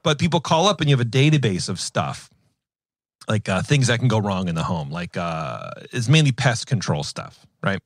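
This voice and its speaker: Speaking at a moderate pace in a voice on the low side, a thirtysomething male podcast host chats casually. His storytelling is animated and rambling, peppered with fillers and restarts, and it's captured in clean studio sound without any room sound.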